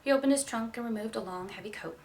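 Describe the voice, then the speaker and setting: A woman's voice: fairly high pitch, quick pace, a little mellow, a little hiss or hum. A woman reading a novel aloud, narrating expressively in the first person. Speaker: audiobook reader. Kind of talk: storybook reading.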